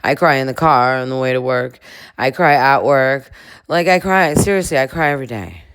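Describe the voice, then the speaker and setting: A woman's voice: very deep voice, moderate pace, smooth. A woman voicing a dramatic young woman who gushes, with lots of "like" fillers. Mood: gushing. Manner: valley-girl "like" fillers.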